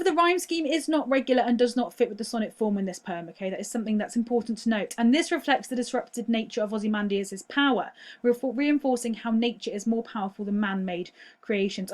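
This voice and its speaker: A woman's voice: on the high side, darkish tone. A young woman teaching a recorded online lesson, patient and explanatory, often checking "all right?" with many ums.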